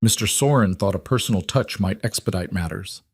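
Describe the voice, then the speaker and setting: A man voicing a calm, menacing Russian enforcer with a Russian accent in a storybook reading. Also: deep voice, a little fast, husky. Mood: coldly polite. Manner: calm, coldly polite threats.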